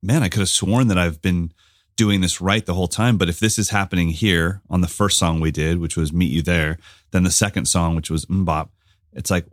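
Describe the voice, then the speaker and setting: A man co-hosting a casual podcast, telling stories with animated quoted voices. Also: sits low, moderate pace, no echo, clean studio sound. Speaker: podcast co-host and drum teacher.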